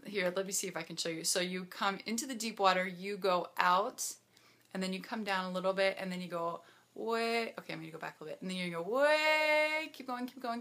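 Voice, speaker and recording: A woman's voice: mid-range voice, pushed and bright. A woman triathlete vlogging a casual, bubbly recap, laughing often as she chats.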